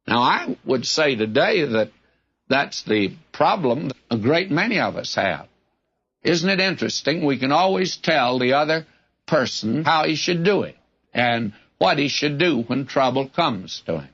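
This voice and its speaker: Guy doing bible teaching, folksy and wry, husky voice, mid pitch, muffled old radio sound. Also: sing-song, unhurried, a bit bright. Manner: folksy, plain-spoken, wry asides. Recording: dull lo-fi radio broadcast recording.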